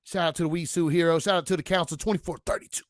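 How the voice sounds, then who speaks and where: A man hosting a casual livestream, rambling loosely with slang and profanity, giving viewers shout-outs. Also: a little high, fairly even intonation, rapid-fire, no echo, studio quality. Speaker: livestream host.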